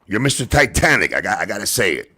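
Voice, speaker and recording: A man's voice: lowish voice, big pitch swings, fast talker, bright, forceful tone, slightly rough. A man hosting a livestream, ranting and taunting his rivals with profane insults. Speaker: livestream host.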